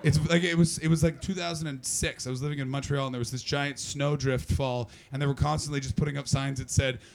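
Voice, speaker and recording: Brash Canadian comic with gravelly voice. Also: male voice, mid-range voice, fairly even intonation, fast talker, slight background noise. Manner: brash, profane, mocking banter with the audience. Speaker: stand-up comedian. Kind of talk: stand-up crowd work. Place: comedy club stage before a live audience. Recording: live club with loud crowd. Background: audience laughter.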